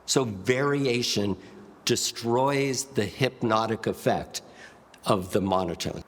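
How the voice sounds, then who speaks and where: A man teaching public speaking to camera, with a demonstrative, deliberate delivery that shifts pace and pitch and leans on pauses. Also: in a large hall. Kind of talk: instructive talk to camera.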